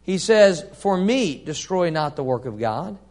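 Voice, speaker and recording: A man preaching a sermon, reading scripture aloud and asking the congregation questions, swinging from soft to loud. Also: a little high, very animated, a little slow. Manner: reads scripture aloud, asks the congregation call-and-response questions.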